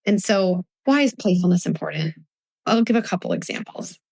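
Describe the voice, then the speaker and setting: A woman in her forties, a parenting expert speaking to a live audience, animated and acting out little scenes with her children in shifting voices. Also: lowish voice, a little fast, gravelly, breathy edge, no echo. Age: 40s. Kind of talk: live talk before an audience.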